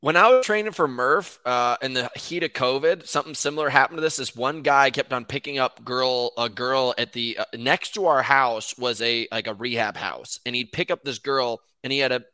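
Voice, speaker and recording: Bright-voiced man telling a rambling story. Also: mid-range voice, moderate pace, few pauses, smooth, no echo. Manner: rambling storyteller who acts out quotes, says "like" often. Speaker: podcast guest, lumberjack. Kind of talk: casual podcast chat.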